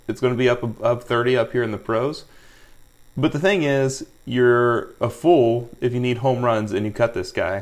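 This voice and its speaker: A man with a slightly nasal voice, talking fantasy baseball in a lively, joking way. He leans hard on his points and keeps the banter loose, at a middling pitch. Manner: energetic, joking, emphatic. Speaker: fantasy baseball podcast co-host. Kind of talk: casual sports chat.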